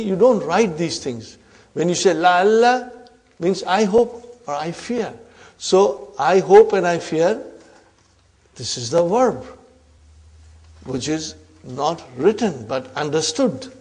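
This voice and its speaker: A man teaching Arabic grammar in a slow, drawn-out lecture, often checking in with his class. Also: high voice, sing-song, a little mellow, breathy edge.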